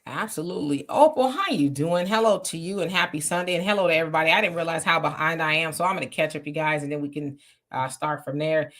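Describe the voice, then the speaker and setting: A woman's voice: low-pitched, steady tone, fast, a bit bright. A woman hosting a live political stream, greeting viewers by name and reading their comments aloud in a casual, emphatic way. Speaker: livestream host.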